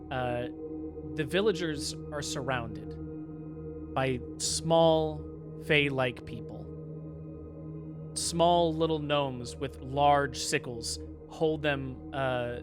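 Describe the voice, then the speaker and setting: A man narrating as dungeon master in a casual, filler-heavy way. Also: a little high. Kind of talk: narrating a tabletop game.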